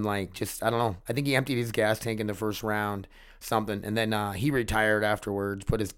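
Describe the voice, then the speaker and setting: A man chatting casually to his viewers in a rambling, excitable way, swearing freely. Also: fairly low pitch. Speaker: vlogger. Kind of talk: casual chat to camera.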